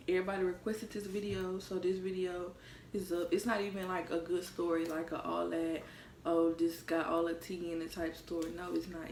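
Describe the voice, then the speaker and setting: A woman's voice: fairly low pitch, a little hiss or hum. A young woman vlogging, telling a personal story in a candid, profane, conversational way. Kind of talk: casual storytime vlog. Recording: roomy, mic set far off.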